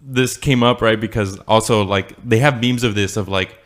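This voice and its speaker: A man's voice: fairly low pitch, fairly even intonation, normal speed. A young man co-hosting a podcast, telling a childhood story in a rambling, swearing, laughing way. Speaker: podcast co-host. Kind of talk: casual storytelling chat.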